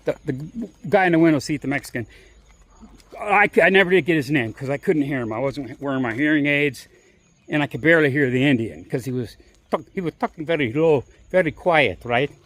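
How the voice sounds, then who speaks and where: A man's voice: a little high, brisk, fairly bright tone. A man vlogging as he walks, telling a story in a rambling, chatty way full of restarts and asides. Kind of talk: casual storytelling on a walk.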